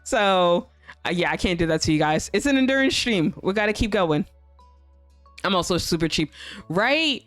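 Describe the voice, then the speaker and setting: A woman's voice: lowish voice, expressive, normal speed, dry recording, faint music behind. A young woman streaming a visual novel, reading it aloud and chatting in a giggly, gushing way.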